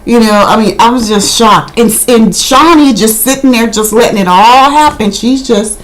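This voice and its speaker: A woman's voice: a little high, moderate pace, rough recording. A woman casually recapping a reality TV episode, indignant and gossipy, with lots of "I mean". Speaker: video reviewer.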